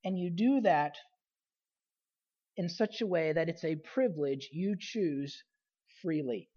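A woman pastor preaching a sermon, repeating key phrases for emphasis and letting her voice fall softly at the end of phrases. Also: on the low side, slow pace, breathy edge, highs cut off.

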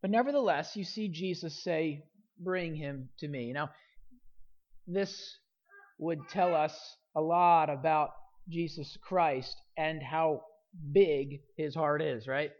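Earnest preacher, mid pitch, kinda muffled lo-fi recording. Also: slow pace, a little mellow. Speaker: pastor. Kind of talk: sermon.

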